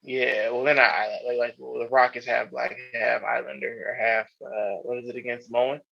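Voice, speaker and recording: His mid-range voice shows little pitch movement and some vocal fry, moving at normal speed. As a podcast co-host in casual chat, this man offers rambling, profane opinions with many restarts, and the audio is dull and lo-fi.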